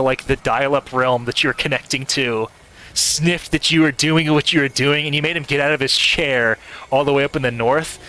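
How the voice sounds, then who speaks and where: A man with a mid-range voice and a sharp tone streams live gameplay, chatting casually. He rambles and stammers, restarting often and laughing frequently.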